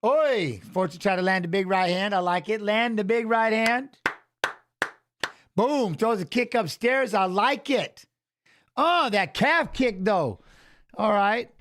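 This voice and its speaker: High-pitched guy on a fight watch-along stream, keeps cracking up, stumbles over words, yells step in step in. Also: slow pace. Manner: laughs a lot, stammers and restarts, excitable coaching shouts. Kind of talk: casual live watch-along chat and fight commentary.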